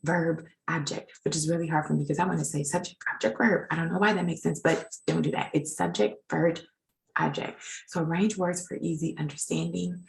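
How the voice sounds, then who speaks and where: A woman's voice: deep voice, fairly even intonation, a little fast, creaky, rough recording. A woman teaching legal writing in an informal recorded lecture, chatty and self-deprecating as she edits her slides.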